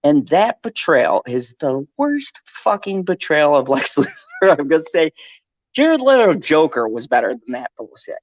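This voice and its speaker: A man's voice: fairly high pitch, measured pace, dry recording, low-quality recording. A man co-hosting a live pop culture stream, talking casually and ranting with lots of swearing. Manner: animated, profane, ranting.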